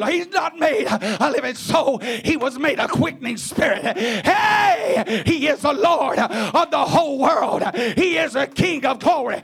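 High, gravelly preacher man. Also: a bit bright. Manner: impassioned preaching with sing-song cadence. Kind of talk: sermon.

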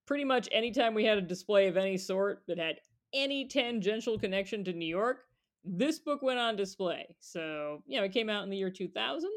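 A man's voice: high voice, fairly bright tone. A man co-hosting a casual podcast chat, talking in a chatty way and laughing often. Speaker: podcast co-host. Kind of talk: casual chat about picture books.

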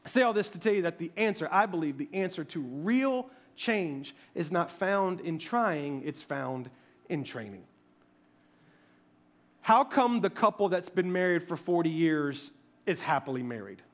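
A man preaching a sermon as pastor, emphatic, with quick restarts and repeated words. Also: on the high side, animated.

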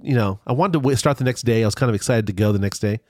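A man's voice: medium pitch, very fast, darkish tone, no echo, clean studio sound. A man telling a rambling travel story in casual chat, with many restarts.

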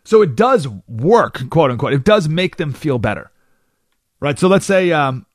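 A man talks through a radio monologue with a lively, wide-ranging pitch, dropping into quick character voices for the people he describes. The sound is dry and close, straight from a studio mic. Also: no echo. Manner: animated, acts out quoted people in character voices. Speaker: radio talk show host.

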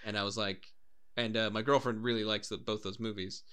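Man, young adult, lowish voice, bright tone, casual chat, swears a lot. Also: level tone, fairly quick, smooth. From Wales. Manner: swears freely, acts out voices and laughs while telling stories.

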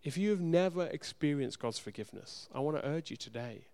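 Male pastor, smooth resonant voice, earnest sermon delivery, loud urgent swells and hushed low moments. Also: expressive, fairly quick. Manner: earnest, direct address to the congregation.

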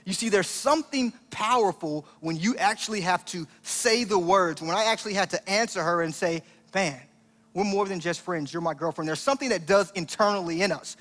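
A man's voice: sits high, fairly bright tone, long reverb tail. A man preaching a sermon as pastor, in a conversational style that acts out the lines he quotes.

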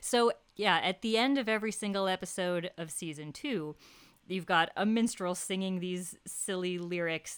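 A woman co-hosting a casual podcast chat, enthusiastic and quick to laugh as she explains at length. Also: on the low side, fairly bright tone, clean tone, no echo. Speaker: podcast co-host. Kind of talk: casual chat about a TV comedy.

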